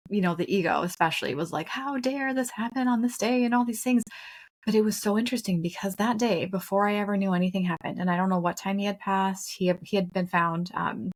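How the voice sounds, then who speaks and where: Woman in her 30s, lowish voice, earnest and chatty, jokes around a bit. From Minnesota. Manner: earnest, chatty, with playful asides. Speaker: podcast co-host. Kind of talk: personal spiritual storytelling.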